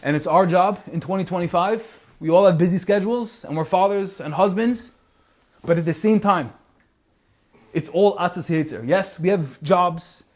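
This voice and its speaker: Brief: earnest male preacher, storytelling sermon, fairly high voice. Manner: earnest storytelling with emphatic repeats. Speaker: speaker.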